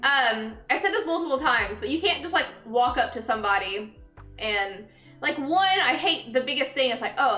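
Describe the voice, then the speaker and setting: A woman's voice: a little high, bright, forceful tone. A young woman streaming casually, chatting with viewers, laughing often and greeting them upbeat. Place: empty room, indoors. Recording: echoey empty room.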